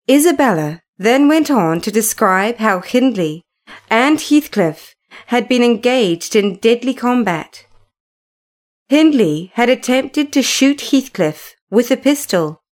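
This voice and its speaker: A woman with a voice on the high side narrates a classic novel aloud, telling the story in an unhurried, measured way.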